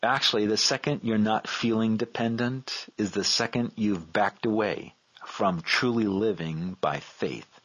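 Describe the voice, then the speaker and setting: A man voicing a kindly older Bible teacher in his eighties with a Yorkshire accent, speaking in a gentle, fatherly way. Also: lowish voice, unhurried. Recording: dull lo-fi recording.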